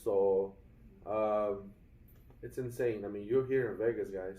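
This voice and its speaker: A young adult man vlogs casually from a hotel room, complaining about a bad stay; he rambles with lots of fillers and restarts and keeps calling his viewers "guys." His voice is lowish, steady and mellow, a little slow. He sits far from the mic in an echoey room, and the audio quality is poor.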